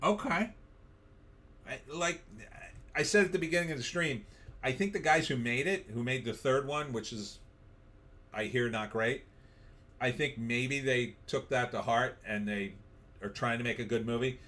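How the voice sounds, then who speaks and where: A man's voice: medium pitch, normal speed, long pauses, fairly bright tone. A middle-aged man hosting a casual live stream, reading viewer comments aloud and riffing on them in a wry, offhand way.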